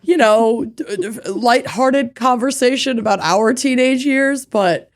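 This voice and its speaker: A young woman co-hosting a podcast, chatting casually, animated, swearing freely and laughing often. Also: fairly high pitch, a little slow. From Minnesota. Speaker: podcast co-host. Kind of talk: casual chat.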